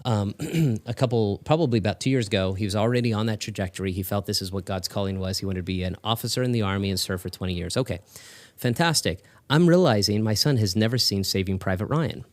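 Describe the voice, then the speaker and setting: A man's voice: fairly low pitch, fast talker. A middle-aged man hosting a podcast, telling family stories with emphatic, preacher-like force. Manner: emphatic, builds to raised preacher-like delivery. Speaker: podcast host. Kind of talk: conversational podcast storytelling.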